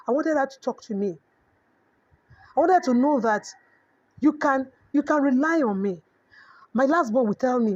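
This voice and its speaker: Nigerian woman, middle-aged, high voice, preachy parenting coach, dull lo-fi sound. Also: lively intonation, moderate pace, pauses often, a little mellow. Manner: preachy, mixes in Yoruba proverbs. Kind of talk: motivational parenting talk. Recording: dull lo-fi audio.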